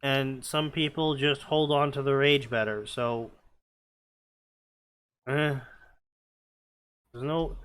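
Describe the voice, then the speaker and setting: A man's voice: mid-range voice, steady tone, takes it slowly, pauses often, a bit bright, smooth. A man reading fanfiction aloud and breaking off into sarcastic, nitpicking commentary, often stammering as he restarts his sentences.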